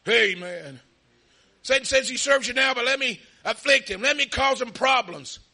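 A man preaching a sermon with passion, often shouting and calling out hallelujah and amen. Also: very high voice, fairly quick.

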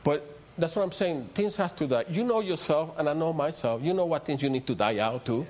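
A man's voice: fairly high pitch, expressive, brisk, a little mellow. An older man with a Spanish accent, a native Spanish speaker, preaching a rambling, story-filled sermon that builds to emphatic peaks. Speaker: pastor.

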